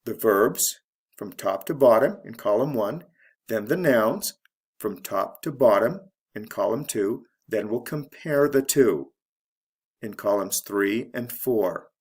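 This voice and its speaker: A man teaching English, slowly reading out vocabulary lists word by word with clear enunciation. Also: lowish voice, animated, a little mellow. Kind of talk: slow deliberate vocabulary drill.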